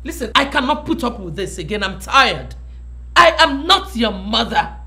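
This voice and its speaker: An actress playing a fierce royal mother who scolds and shouts to protect her son. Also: sits high, huge pitch swings, normal speed, roomy sound, far from the mic, faint music behind. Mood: furious.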